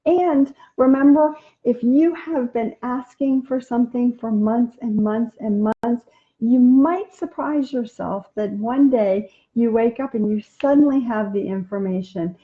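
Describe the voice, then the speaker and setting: A woman's voice: on the high side, unhurried, phone-quality sound. A woman hosting a casual inspirational live stream, chatting and answering viewer comments with many ums and restarts.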